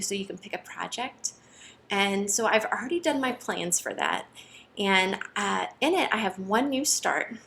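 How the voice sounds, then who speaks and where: A woman chatting casually to camera about her cross-stitch projects, excitable, with many fillers and restarts. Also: mid-range voice, slight background noise.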